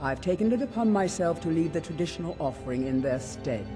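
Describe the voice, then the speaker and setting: A haughty, secretive dark elf man, voiced by an actor for a video game. He talks formally and turns indignant quickly, his voice pitched fairly high, with music playing clearly behind him. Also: animated, lightly acted.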